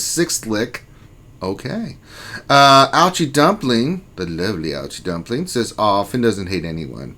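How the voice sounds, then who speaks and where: A man's voice: mid-range voice, fairly bright tone. A man hosting a casual lunchtime livestream, greeting viewers by name and reading their chat messages aloud in a joking, laid-back way with casual swearing. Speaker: livestream host.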